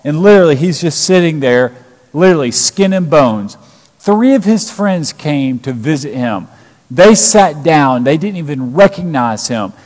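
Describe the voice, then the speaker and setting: Male preacher, slightly raised pitch, emphatic scripture retelling, long hall reverb. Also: expressive, a little slow, darkish tone. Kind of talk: sermon.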